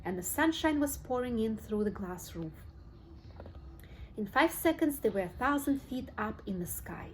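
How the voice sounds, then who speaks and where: Woman reading a kids' book, steady and clear, faint hiss under it. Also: a little high, normal speed, rough recording. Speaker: audiobook reader. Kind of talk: storybook narration.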